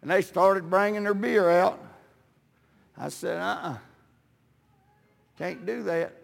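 High, gravelly older preacher. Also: male voice, fairly even intonation, slow, big-room sound. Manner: folksy storytelling, peppered with amens, rising to shouts. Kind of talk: sermon with personal testimony. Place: church sanctuary.

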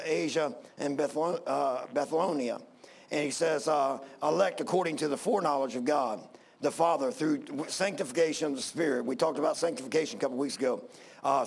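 A man preaching with a gravelly, creaky voice set a bit high. He talks in a folksy, rambling way, stopping and restarting often. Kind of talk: sermon.

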